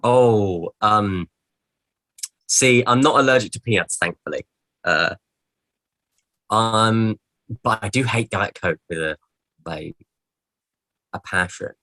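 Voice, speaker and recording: Playful guest, low bright voice, dry close sound, casual banter. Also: male voice, takes it slowly, long pauses, no echo. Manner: playful, theatrical. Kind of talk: casual chat.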